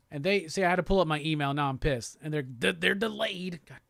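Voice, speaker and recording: A man's voice: fairly high pitch, brisk, vocal fry, fairly bright tone, no room sound, clean studio sound. A man hosting a live show, chatting loosely and profanely while reading viewer comments aloud. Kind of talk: casual livestream chat.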